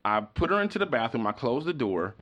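A man's voice: medium pitch, a little fast, lo-fi sound. Middle-aged man rambling through a story. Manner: animated, acts out the voices of people in his story; rambling, full of "like" and restarts. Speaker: podcast host. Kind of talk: casual storytelling.

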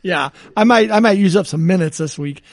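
A man co-hosting a podcast, telling rambling everyday stories in a relaxed chat and chuckling often. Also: sits high, brisk, crowd noise. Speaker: podcast co-host.

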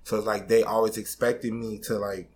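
A man's voice: fairly low pitch, level tone, moderate pace, a little mellow, slight background noise. A man in his twenties on a podcast, candidly telling a personal story in a casual, slangy way, swearing freely and getting emotional. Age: 20s.

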